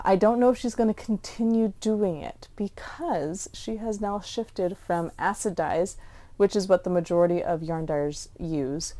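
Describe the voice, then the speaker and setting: Woman, middle-aged, knitting podcast host, casual rambling chat, slightly low voice. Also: dark tone. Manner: chatty, rambling, self-deprecating. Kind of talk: casual show-and-tell chat.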